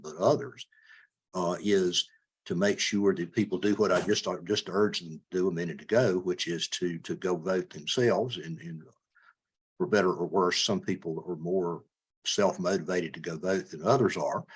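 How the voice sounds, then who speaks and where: A man, a judicial candidate, answering interview questions in a measured way, often stumbling and repeating words. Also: low-pitched, slightly rough.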